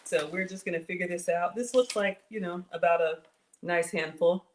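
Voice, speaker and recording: A woman's voice: on the low side, moderate pace. Woman, Southern accent, cooking show host, chatty, self-deprecating, home kitchen, noisy background. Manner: chatty, self-deprecating, addresses viewers as y'all. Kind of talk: casual cooking livestream chat.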